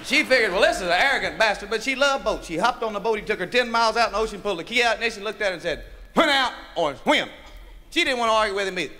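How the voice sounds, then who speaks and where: A stand-up comedian telling a raunchy, profane joke and laughing along with it. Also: male voice, high-pitched, racing, few pauses, bright, forceful tone. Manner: raunchy, profane, laughing at his own jokes.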